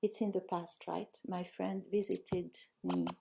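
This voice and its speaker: A woman runs a live online language class with a mellow, warm tone and a touch of gravel in her voice. She reads out her students' answers, corrects them gently and keeps praising them. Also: on the low side, very animated, unhurried. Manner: encouraging, praises students often. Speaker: language teacher.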